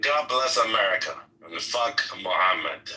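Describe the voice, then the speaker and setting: A man's voice: fairly low pitch, expressive, unhurried, bright, forceful tone, distant mic. A man cutting into an online debate with agitated, insistent remarks. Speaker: debate participant.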